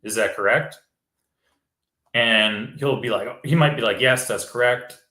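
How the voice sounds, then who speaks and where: A man's voice: medium pitch, measured pace, pushed and bright, echoey room. A man, a real estate wholesaler, explaining step by step in casual chat and acting out sample phone calls.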